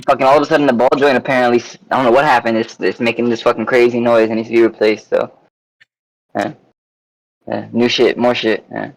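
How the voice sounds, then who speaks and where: A man chatting casually on a podcast, telling a story in an animated way, swearing and acting out what people said. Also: mid-range voice, fast, vocal fry, poor audio. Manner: animated, swears a lot, acts out quotes. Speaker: podcast co-host. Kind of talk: casual chat.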